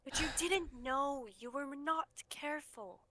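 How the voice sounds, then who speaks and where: A woman's voice: high-pitched, bright, forceful tone, dry recording. A woman voicing a distrustful young woman reproaching her uncle in a tabletop game. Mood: reproachful. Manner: measured, reproachful. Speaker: player.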